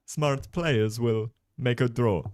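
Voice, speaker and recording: A man mimicking an Italian chess streamer's dramatic line in a mock Italian English accent, slow and drawn-out. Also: medium pitch, darkish tone, no echo, studio quality, lightly acted. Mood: theatrical. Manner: slow, drawn-out, theatrical delivery.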